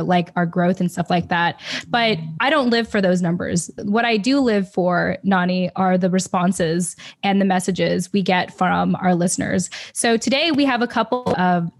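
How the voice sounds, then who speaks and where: A woman's voice: mid-range voice, moderate pace. A young woman co-hosting a casual podcast, chatty and upbeat, laughing often as she talks with her co-host. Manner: bubbly, laughs often, reads listener reviews aloud.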